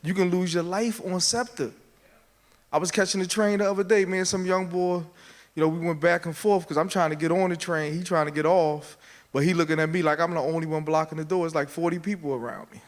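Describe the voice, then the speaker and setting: A man's voice: on the high side, fairly even intonation, fairly quick. A man telling crude, casual stories in a stand-up set on a handheld mic. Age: 40s. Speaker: stand-up comedian. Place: comedy club stage.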